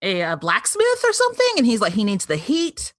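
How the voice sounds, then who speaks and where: A woman's voice: mid-range voice, huge pitch swings, a little fast, no room sound, clean studio sound. A woman co-hosting a podcast, chatting and giggling as she recaps a TV episode. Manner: chatty, giggly, acts out bits in little voices. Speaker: podcast co-host. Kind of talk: casual chat recapping a TV episode.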